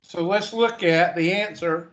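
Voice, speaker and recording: A man's voice: high-pitched, fairly bright tone, muffled recording. A man teaching a math lesson, drowsy and yawning, methodically reading numbers and calculator steps one by one. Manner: slow, methodical, reads digits one by one. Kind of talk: calculator walkthrough lecture.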